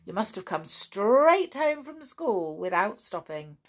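A woman's voice: mid-range voice, sing-song, slow. A woman voicing a fond mother who speaks to her small son in a soothing way. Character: warm, unbothered mother of a small boy.

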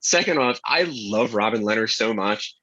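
Brief: male musician guest, earnest and hesitant, bright tone, dry mic. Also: on the low side, expressive, normal speed, husky, dry recording, lo-fi sound. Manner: earnest, grateful, hesitant with many "um"s. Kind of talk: casual interview chat.

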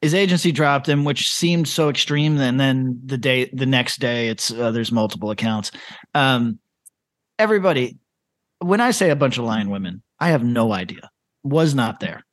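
A man co-hosting a casual podcast, talking in an animated, profane way and laughing often. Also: medium pitch, moderate pace, no echo, studio quality. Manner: animated, profane, laughing, reading posts aloud. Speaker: podcast co-host.

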